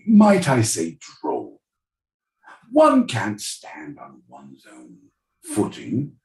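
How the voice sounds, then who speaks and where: A haughty posh British gentleman sniffs in a put-on British accent, as a man plays him. His pitch swoops up high and dives low, and the sound rings in a roomy space. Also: heavily acted. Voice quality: pompous, plummy, breathy asides.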